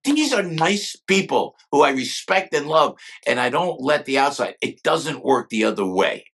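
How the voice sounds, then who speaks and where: An older man, a guest, telling stories in an animated way and acting out quotes, with many quick restarts. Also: on the high side, breathy edge. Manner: talks fast with many restarts and acted-out quotes. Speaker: guest, former sketch comedy cast member. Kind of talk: animated storytelling with impressions.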